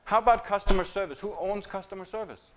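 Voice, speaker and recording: A man's voice: high voice, fast, noisy background. A man giving a conference presentation. He talks conversationally, asking the audience questions and joking. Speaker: keynote speaker on marketing.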